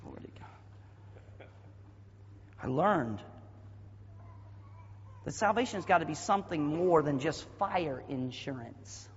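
A man from the American South with a Southern accent, preaching a sermon as pastor with a husky voice, dropping to quiet asides and then bursting into loud shouted passages. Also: a little high, expressive, a little slow, long pauses, a little hiss or hum. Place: church sanctuary. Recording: dull audio with long hall reverb.

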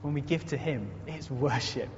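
A man's voice: mid-range voice, moderate pace. A man preaching a conversational sermon in a church, earnest and storytelling, building to emphatic repetition. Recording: echoey muffled hall recording, faint noise.

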